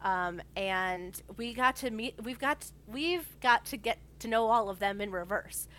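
A woman's voice: fairly high pitch, unhurried, fairly bright tone. A woman talking in a casual chat. She is enthusiastic and rambling, with lots of fillers and restarts as she builds her thoughts.

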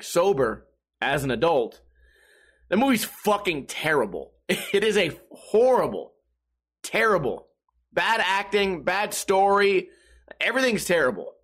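A man talking on his own in a loose, rambling monologue, swearing often. He slips into mocking impressions of other people as he goes. His voice sits a little higher than most men's. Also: fairly bright tone. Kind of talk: casual monologue.

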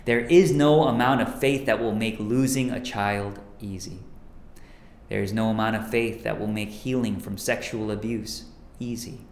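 A man preaching a sermon as pastor, earnest, dropping to a hush on key lines. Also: fairly low pitch, fairly even intonation, normal speed, reverberant, a little hiss or hum.

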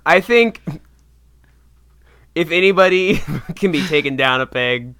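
A man's voice: a little high, lively intonation, takes it slowly, pushed and bright, no room sound. A man co-hosting a podcast, joking around in casual banter. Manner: jokey, playful. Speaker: podcast co-host.

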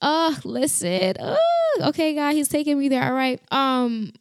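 A woman's voice: high-pitched, animated, measured pace, no room sound, studio quality. A woman hosting a faith podcast, giving a fervent, emphatic devotional talk with frequent restarts.

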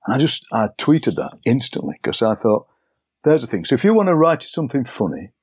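Older man, English, chatty anecdotal interview guest, husky, muffled lo-fi sound. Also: mid-range voice, very animated, fairly quick, darkish tone, dry recording. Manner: chatty, anecdotal, acts out overheard lines. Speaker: poet and broadcaster, interview guest. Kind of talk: relaxed storytelling conversation.

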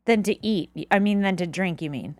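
A woman's voice: on the low side, normal speed, a little mellow, no echo. A woman co-hosting a podcast, chatting casually, blunt and swearing freely, laughing often. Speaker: podcast co-host. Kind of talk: casual chat.

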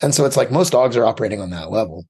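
A man's voice: fairly low pitch, lively intonation, rapid-fire, warm tone, breathy edge. A man who trains dogs, a guest on a podcast, talking emphatically and swearing freely. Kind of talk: casual conversation.

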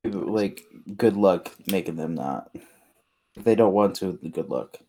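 A man's voice: low-pitched, animated, unhurried, warm tone. A young man in casual chat, blunt and sardonic.

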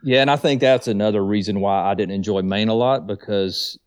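A man's voice: lowish voice, brisk, clean tone. A man from the Southern US with a Southern accent, a guest telling stories in easygoing casual chat, often saying man. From Southern US, north of Atlanta. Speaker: guest hiker.

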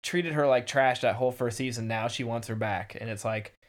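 A man in casual chat recapping a TV episode, rambling with lots of fillers and acting out characters' lines. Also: mid-range voice. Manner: rambling, filler-heavy, acts out characters' lines in quick voices. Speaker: podcast co-host.

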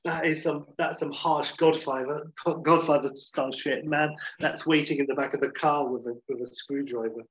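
Husky-voiced man with a lo-fi sound. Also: fairly high pitch, steady tone, normal speed, hardly any pauses. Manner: jokey, breaks into silly put-on voices. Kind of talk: casual chat.

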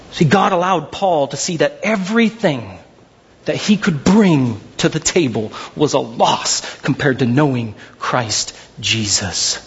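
A man preaching a sermon as pastor, animated and swinging between excited high asides and slow low emphasis, stumbling over repeated words when worked up. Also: husky, dull audio.

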